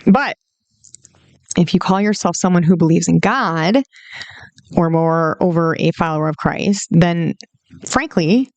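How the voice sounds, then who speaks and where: A woman's voice: fairly low pitch, measured pace, long pauses, darkish tone, dry recording, muffled recording. Impassioned woman hosting a faith podcast. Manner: impassioned, conversational, speaks straight to listeners. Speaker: podcast host. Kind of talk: casual Christian podcast monologue.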